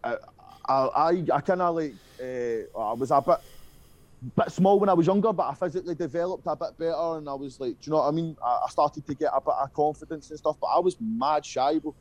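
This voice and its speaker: Rambling young Scottish man, slightly high. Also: fairly quick. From Scotland. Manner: rambling, profane, with frequent fillers. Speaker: guest musician. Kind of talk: casual interview storytelling.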